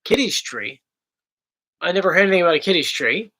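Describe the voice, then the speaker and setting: Animated man with a South Jersey accent. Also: sits high, fast talker, poor audio. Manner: chatty, animated, reads viewer questions aloud. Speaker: YouTube host. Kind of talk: casual livestream Q&A.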